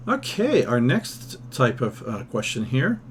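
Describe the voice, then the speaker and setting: A man's voice: mid-range voice, wildly swooping pitch, measured pace, a little hiss or hum. Man teaching ear training, singing solfège. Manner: thinks aloud, sings solfège and scat syllables to demonstrate; casual, self-deprecating asides. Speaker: music theory teacher. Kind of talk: recorded ear-training lesson.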